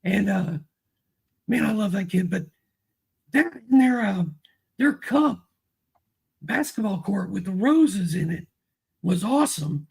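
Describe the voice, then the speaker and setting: A man co-hosting a fantasy basketball talk show, speaking in a relaxed, casual way with some hesitation. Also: high voice, slow pace, gravelly, long pauses, husky. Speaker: co-host and fantasy analyst. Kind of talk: casual chat.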